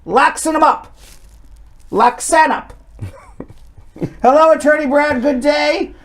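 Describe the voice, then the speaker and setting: A man's voice: very high-pitched, takes it slowly, a bit bright. A man with a New York accent, an immigration lawyer hosting a live stream, greeting viewers by name and answering their questions. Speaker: immigration lawyer and show host. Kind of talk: live-stream chat, reading comments.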